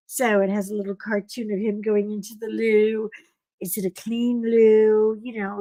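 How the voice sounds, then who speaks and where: A middle-aged woman hosts a casual live chat and rambles through family stories, laughing as she goes. Her voice sits fairly high. The sound is close and dry, with no room around it. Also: no room sound. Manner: chatty, rambling, laughing storyteller. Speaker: host.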